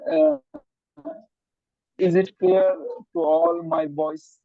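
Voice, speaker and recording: A man speaks slowly in a gravelly voice pitched a little high, heard over a tinny headset call line. He introduces himself to the group in a polite, hesitant way. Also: big pitch swings, no echo. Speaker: webinar participant. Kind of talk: casual self-introduction. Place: online webinar. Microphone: headphone mic on a call.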